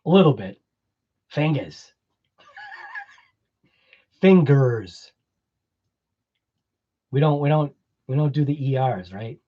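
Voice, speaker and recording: A man's voice: mid-range voice, brisk, dull audio. A man with a Boston accent hosting a casual livestream, chatting with viewers, laughing often and rambling through explanations. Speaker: livestream host.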